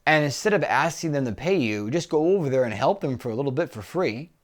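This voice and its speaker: A man of middle pitch co-hosting a relaxed business talk. He explains ideas plainly and chats easily with his partner. He keeps returning to an invitation to book a call. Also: quick pace. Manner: conversational, pitching a one-on-one call. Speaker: business coach co-host. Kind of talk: casual chat.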